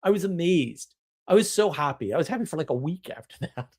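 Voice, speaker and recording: Animated, opinionated male live-streamer. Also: fairly high pitch, brisk. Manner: animated, opinionated, rambling with restarts. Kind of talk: casual live-stream talk answering chat.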